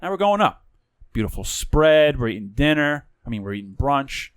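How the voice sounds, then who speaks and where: A man's voice: mid-range voice, normal speed, smooth, no echo. Casual podcast host, New man, swears freely, dry mic. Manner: animated, profane storyteller. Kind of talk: casual storytelling chat.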